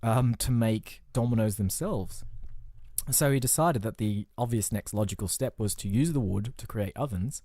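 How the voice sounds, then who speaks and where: A man's voice: fairly low pitch, moderate pace, dark tone, dry recording. A man co-hosting a casual comedy podcast, rambling through absurd made-up stories with a joking manner. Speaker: podcast co-host.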